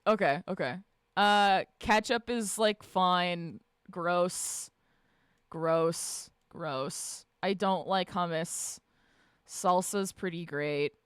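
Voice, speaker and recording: A woman streamer chatting casually with her live chat, swearing freely, laughing often and shouting out greetings. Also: fairly low pitch, drawn-out words, clear, resonant tone, no echo, clean studio sound. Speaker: livestreamer reading and answering chat.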